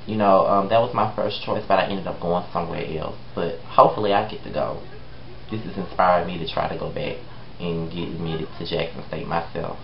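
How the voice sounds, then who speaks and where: A woman's voice: a bass voice, steady tone, a little fast, vocal fry, a crowd in the background. A woman talking casually and bluntly, with some cursing, while walking outdoors on a college campus. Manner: blunt and profane. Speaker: web series cast member. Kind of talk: casual vlog talk. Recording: muffled, roomy, with faint outdoor noise.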